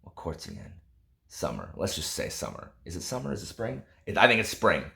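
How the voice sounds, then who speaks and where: A man's voice: deep voice, huge pitch swings, fairly quick, vocal fry, pushed and bright. A young adult man, chatting casually in a vlog and reacting to a novel with exasperated laughs. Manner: exasperated, laughing, dramatic reading asides. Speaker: book vlogger.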